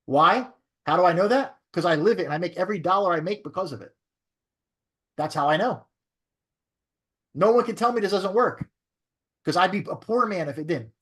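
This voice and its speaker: Fairly high-voiced man coaching a class. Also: lively intonation, normal speed, pauses often, a bit bright. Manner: coaching, repeats "right?" to check understanding. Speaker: real estate broker and trainer. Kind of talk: training class talk.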